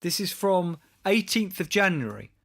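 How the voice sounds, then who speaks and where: A male podcast co-host with a somewhat high voice leads a casual comedic chat. He reads odd news stories aloud in a wry, mock-serious manner. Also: very animated, moderate pace, gravelly.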